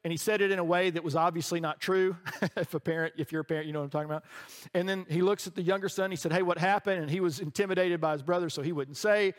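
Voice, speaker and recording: A middle-aged male pastor preaching in a church sanctuary, his fairly high voice ringing with a long hall reverb. He tells stories in a loose, conversational way and keeps checking in with his listeners. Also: fairly even intonation, rapid-fire. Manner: conversational storytelling, often checks in with "right?". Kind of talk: sermon.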